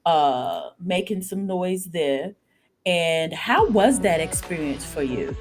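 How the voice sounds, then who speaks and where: A woman's voice: on the low side, lively intonation, slow pace, soft background music. A woman from Texas hosting a live stream interview, talking with playful, slangy hype. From Austin, Texas. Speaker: host.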